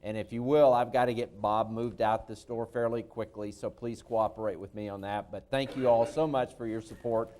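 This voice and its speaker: A man hosting an event, closing it with brisk, courteous thanks and logistics. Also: fairly low pitch, fairly even intonation, darkish tone, slight background noise. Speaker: event host. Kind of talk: closing announcements. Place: lecture hall.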